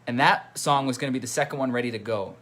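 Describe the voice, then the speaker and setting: A man's voice: medium pitch, quick pace, fairly bright tone, faint music behind. A man hosting a casual livestream as a musician, chatting and reading out viewer comments. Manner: chatty, reads viewer comments aloud and greets them. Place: at home by his computer.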